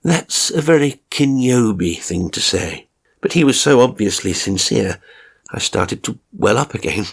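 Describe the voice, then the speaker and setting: Gravelly man narrating horror. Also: medium pitch, lively intonation, measured pace. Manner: weary, irritable, confessional. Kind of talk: first-person horror story narration.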